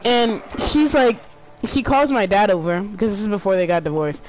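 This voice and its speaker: A woman's voice: medium pitch, normal speed, a little hiss or hum, poor audio. A woman chatting casually while gaming, telling a rambling childhood story with swearing and slang.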